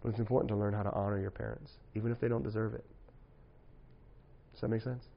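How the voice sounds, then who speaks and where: A man's voice: lowish voice, little pitch movement, fast, creaky, highs cut off. A man preaching to young people in a casual, joking way, often tossing in "right?" asides. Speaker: youth pastor.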